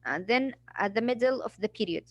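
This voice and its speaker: A woman's voice: a little high, expressive, brisk, dry recording, muffled recording. Female English teacher, patient and explanatory, dry close recording. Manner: patient explaining, acts out examples. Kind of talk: classroom vocabulary lesson.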